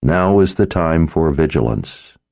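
A man voicing the whispering voices of past sword wielders in an audiobook, speaking slowly and gravely. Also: a bass voice, animated, darkish tone, no room sound, studio quality, heavily acted. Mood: stern.

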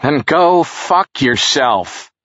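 A man's voice: medium pitch, very animated, normal speed, a bit bright, husky, pitched above the performer's own voice. A man voicing a bitter, pained, short-tempered addict who snaps and curses, in a dull lo-fi recording. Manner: snapping, cursing.

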